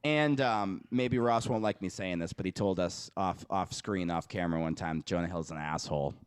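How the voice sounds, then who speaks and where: A man's voice: deep voice, moderate pace, smooth, no room sound. A man hosting a podcast, talking in rambling, profane casual banter and laughing often. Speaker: podcast host. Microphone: podcast studio mic.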